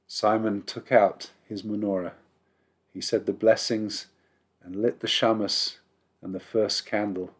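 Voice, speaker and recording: A rabbi reading a holiday children's story aloud in a measured, expressive storybook narration. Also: male voice, lowish voice, husky.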